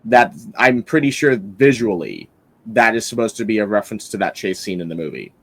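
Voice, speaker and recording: Rambling low-voiced male podcast host. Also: expressive, fairly quick, a bit bright. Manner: rambling, enthusiastic, lots of fillers and restarts. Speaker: podcast host reviewing a film. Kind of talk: casual film-review chat.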